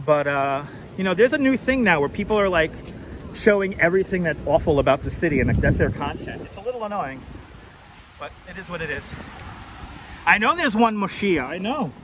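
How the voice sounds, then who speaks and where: Chatty high-voiced man livestreaming outdoors. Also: very animated, a little fast. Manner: chatty, reads and greets viewer comments by name. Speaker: livestreamer walking the city. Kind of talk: casual livestream chat to viewers. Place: outdoors on busy city streets in summer heat. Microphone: wireless clip-on mic. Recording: street traffic noise behind.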